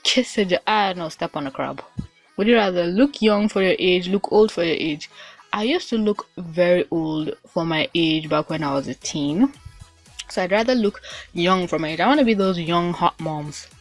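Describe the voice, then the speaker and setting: A young woman vlogging casually, reading would-you-rather questions aloud and thinking out loud as she answers them. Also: fairly low pitch, normal speed, soft background music. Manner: chatty and musing, thinks out loud with restarts.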